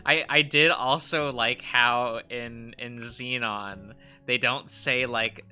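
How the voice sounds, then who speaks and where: Male streamer, casual rambling chat, sharp bright tone, unhurried. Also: mid-range voice, fairly even intonation, smooth, soft background music. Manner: giggly, rambling, many fillers. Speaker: streamer drawing live.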